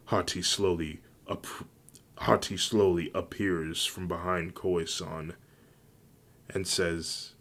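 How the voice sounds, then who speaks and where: A man reading a fan fiction story aloud in a plain, even way. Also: low-pitched, takes it slowly.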